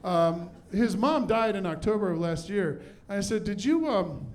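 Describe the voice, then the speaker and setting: A man's voice: sits high, lively intonation, a little slow, a little mellow. A middle-aged man doing a self-deprecating stand-up comedy set on a club stage with a handheld mic. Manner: self-deprecating, punchy delivery.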